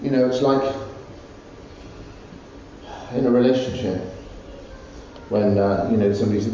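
A man's voice: on the low side, fairly quick, pauses often, mellow, a little hiss or hum. A male pastor preaching a fervent, repetitive sermon in a church. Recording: echoey church hall from far off, dull.

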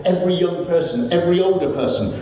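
A man's voice: high-pitched, fast, mellow. A male pastor preaching a fervent, repetitive sermon in a church. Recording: echoey church hall from far off, dull.

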